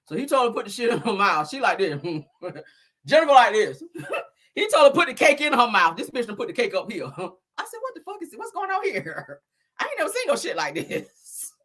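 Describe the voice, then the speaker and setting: A woman's voice: fairly high pitch, a little fast, slightly rough. A woman in her forties hosting a casual celebrity gossip vlog, talking to viewers with profanity and frequent laughter. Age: 40s. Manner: animated, profane, laughs often, addresses viewers as girl and child. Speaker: host.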